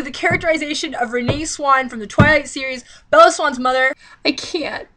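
Reading a novel aloud, this woman vlogger keeps interrupting herself with sarcastic, fed-up remarks. Her high voice has a sharp tone and she speaks briskly with few pauses, over a little hiss or hum.

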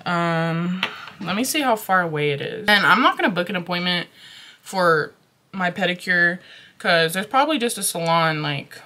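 A young woman vlogging in a casual, excitable chat, often calling her viewers y'all and swearing freely. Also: lowish voice.

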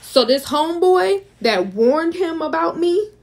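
A woman's voice: extremely high pitch, expressive, unhurried. A young adult woman from the United States, telling a dramatic storytime in a chatty way and talking straight to her viewers. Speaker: vlogger. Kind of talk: casual storytime.

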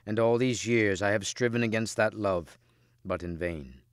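A man's voice: on the low side, moderate pace, no room sound, studio quality, lightly acted. A man reading as a strained, earnest noble knight.

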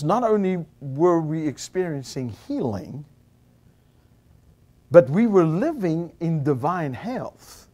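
A South African man preaching a storytelling sermon to a Bible college audience, animated and rising to shouts at the high points.

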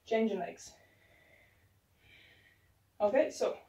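A woman's voice: mid-range voice, drawn-out words, warm tone. Breathless woman coaching a home workout. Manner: encouraging, counts reps aloud while exercising. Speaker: fitness instructor. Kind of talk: home workout instruction, counting reps. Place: room at home. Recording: roomy sound from a distant camera.

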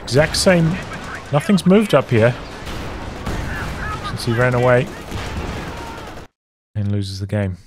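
A man giving rapid play-by-play commentary on a strategy game as its caster, with exasperated outbursts. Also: mid-range voice, big pitch swings. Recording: noisy game audio underneath. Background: game sounds: gunfire, artillery, vehicles.

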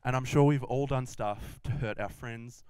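A young adult man tells a Bible story to children in a relaxed, chatty way. His voice sits mid-range and sounds dry and close to the mic. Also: mid-range voice, normal speed, smooth, no echo. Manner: casual, chatty storytelling to kids. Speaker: children's minister.

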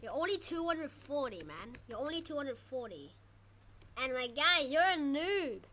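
A woman giving casual gameplay commentary as a channel host, excitable and trash-talking her opponents. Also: sits high, unhurried, slight background noise.

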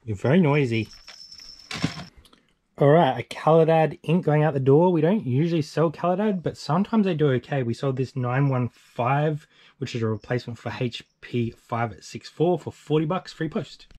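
A man's voice: on the high side, moderate pace, a little mellow. Australian man running through his sales. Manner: chatty, matter-of-fact listing of sales. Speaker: eBay reseller co-host. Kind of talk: casual vlog walkthrough.

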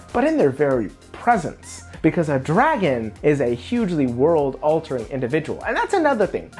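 A woman's voice: low-pitched, darkish tone. A woman hosting a channel about tabletop games, giving advice in an emphatic, conversational way and talking straight to her viewers. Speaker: host. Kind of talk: tabletop game advice talk.

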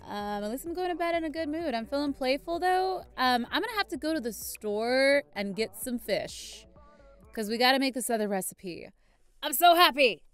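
A woman's voice: high-pitched, expressive, normal speed, smooth, faint music behind. A young woman hosting a casual let's-play, chatty and playful, scolding the pets in her game. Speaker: gaming channel host.

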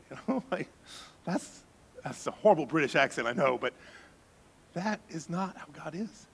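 A male pastor preaching a sermon in an animated way, with joking asides and bursts of emphasis. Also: fairly high pitch, moderate pace, vocal fry, pauses often, husky.

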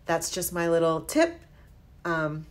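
A woman realtor telling viewers about a scam call in a casual, earnest vlog, animated as she warns them. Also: sits low, slow.

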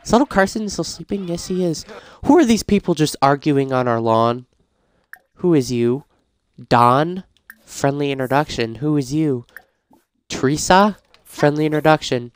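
A man playing a life-sim game, reading prompts aloud and reacting in casual let's-play commentary, getting frantic and shouty when things go wrong. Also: on the high side, lively intonation, moderate pace, clean tone. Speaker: gaming YouTuber.

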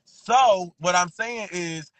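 A man's voice: high voice, slow pace, dry recording, poor audio. A man hosting a casual live stream chat, a little tipsy, prodding and steering the talk.

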